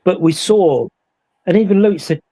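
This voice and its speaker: A man recounting a ghost investigation in casual chat, acting out the voices in his story with animated energy. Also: high-pitched, normal speed. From England. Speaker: paranormal investigator.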